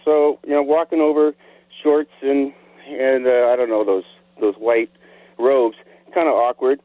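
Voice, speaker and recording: A man's voice: mid-range voice, fairly even intonation, a little slow, no echo. A man calling in to a radio show who tells an embarrassing story in a sheepish, laughing way. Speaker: caller. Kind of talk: call-in storytelling. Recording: dry phone line.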